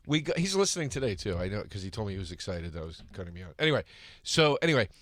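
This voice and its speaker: Man, podcast host, bright and laughing, spins loose anecdotes. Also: on the low side, rapid-fire, no room sound, studio quality. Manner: animated, laughing, swearing. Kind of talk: casual storytelling chat.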